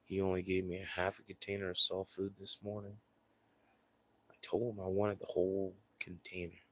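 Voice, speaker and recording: A man voicing his grumpy, chunky female pet dog as she quietly grumbles and complains. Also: sits low, monotone, moderate pace. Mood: grumbling.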